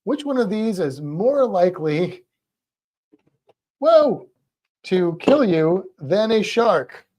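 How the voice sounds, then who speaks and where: A man co-hosting a trivia livestream, reading out questions and viewer comments in relaxed chat, laughing easily. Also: sits high, slow pace.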